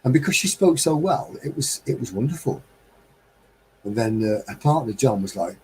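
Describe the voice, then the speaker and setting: A man's voice: medium pitch, animated, normal speed, a little mellow, slight background noise, low-quality recording. A middle-aged man from England hosting a live stream, musing in a heartfelt, rambling, wistful way. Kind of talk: reflective casual monologue.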